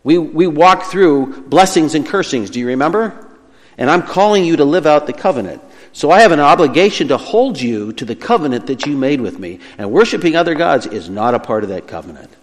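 A man preaching a sermon as pastor, earnest, slowing and softening when he voices God's words. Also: a little high, sing-song. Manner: earnest preaching, slows down and drops quieter for quoted words of God. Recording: long hall reverb.

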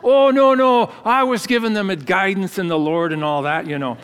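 A man voicing a young Scottish lad with a Scottish accent who makes high, eager excuses. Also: moderate pace, a bit bright, smooth, in a large hall. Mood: cheeky. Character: young Scottish lad, cheeky and pious-sounding.

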